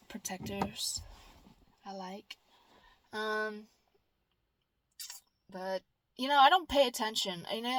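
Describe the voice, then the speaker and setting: A woman vlogging straight to camera in a loose, rambling monologue. Her voice sits high, and she talks bluntly, curses freely and slips into whiny mimicry. The sound is dry and close, with no room around it. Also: no echo.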